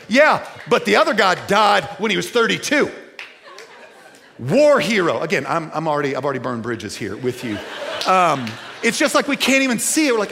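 A pastor preaching to his congregation, his voice rising high and sinking low as he works the room. He mixes scripture with folksy, animated asides, now loud, now quiet and close. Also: brisk. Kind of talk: sermon. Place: church before a live congregation.

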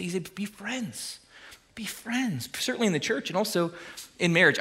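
A man's voice: fairly high pitch, sharp tone. A young man preaching a sermon to his church in a casual, conversational way, full of fillers and asides. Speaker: pastor.

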